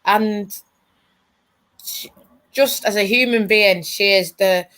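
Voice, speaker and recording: A woman's voice: medium pitch, slow pace, a bit bright. A woman, a podcast guest, tells fan stories in casual chat and gets tearful as she talks. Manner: emotional, tearful storytelling. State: crying.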